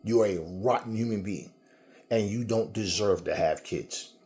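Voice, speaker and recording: A man's voice: lowish voice, moderate pace, darkish tone, soft background music. A man delivering a heated, profane commentary monologue, repeating himself as he argues. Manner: angry, profane, repetitive.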